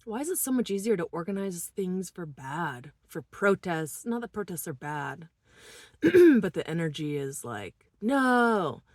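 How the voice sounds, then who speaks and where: Slow, distressed woman speaking softly. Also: lowish voice, very animated, dry recording. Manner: halting, emotional, drifting between quiet murmurs and shaky laughter. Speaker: vlogger. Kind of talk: personal vlog monologue.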